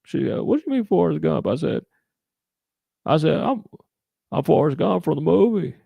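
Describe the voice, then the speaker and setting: A man doing a comic impression of a simple-minded Southern man with presidential airs, slow and drawling. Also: fairly high pitch, sing-song, gravelly, husky, dry recording, dull audio, exaggerated voice. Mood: boastful. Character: dim-witted Southern man mashed up with a president.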